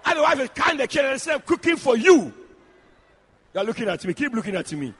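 A male preacher delivers a fiery church sermon, his voice high and bright. He swings his pitch widely and often breaks into shouts, with a husky edge. He speaks straight to the congregation. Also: very fast. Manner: shouting, animated, addressing the congregation directly.

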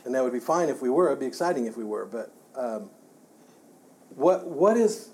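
A man's voice: medium pitch, lively intonation, normal speed, a little mellow. A man teaching a church Bible class in a conversational way, often repeating words and restarting his sentences.

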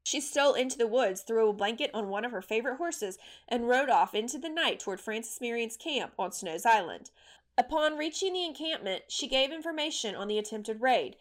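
Woman narrator, higher voice, steady measured storytelling. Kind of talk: scripted narration.

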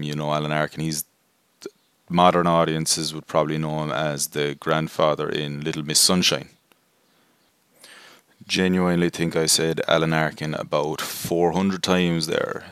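A man's voice: extremely low pitch, a bit bright, clear, resonant tone, dry recording, studio quality. A man hosting a casual film review podcast, rambling and self-deprecating with lots of fillers. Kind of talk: casual spoken movie review.

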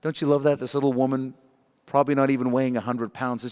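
A man's voice: mid-range voice, level tone, fast, a little mellow, smooth, long reverb tail. A man preaching an earnest, emotional sermon, acting out the people he quotes. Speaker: pastor.

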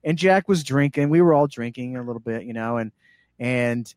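A man telling a story in casual chat as a guest, animated and acting out the voices of the people in it. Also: medium pitch, normal speed, no echo, clean studio sound. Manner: animated, acts out quoted voices.

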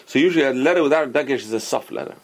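A man's voice: medium pitch, racing, vocal fry. A man, a rabbi, teaching a class and explaining patiently with many examples and questions.

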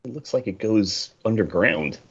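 A man's voice: lowish voice, animated, normal speed, husky. A man co-hosting a casual podcast chat, laid-back with dry quips. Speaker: podcast co-host. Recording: dull lo-fi sound.

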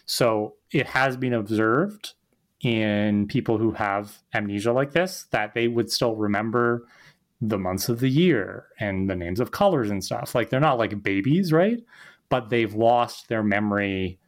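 A man's voice: on the low side, measured pace. A man co-hosting a podcast, explaining things in a loose, chatty way with lots of "like" fillers. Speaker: podcast co-host. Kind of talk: casual recap chat.

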